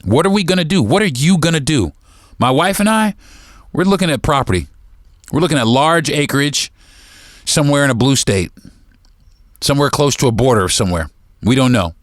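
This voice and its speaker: A man's voice: mid-range voice, expressive, fairly quick, long pauses, no room sound, studio quality. A man hosting his own podcast, delivering a heated opinion monologue straight to his listeners. He repeats words and restarts sentences as he gets worked up. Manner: addresses listeners directly as folks. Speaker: podcast host.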